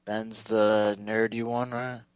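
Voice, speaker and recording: Co-host, male, somewhat low voice, dry close sound, halting and inquisitive. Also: flat delivery, smooth, no room sound. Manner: hesitant, lots of fillers, asks questions. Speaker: podcast co-host. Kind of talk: casual gaming chat.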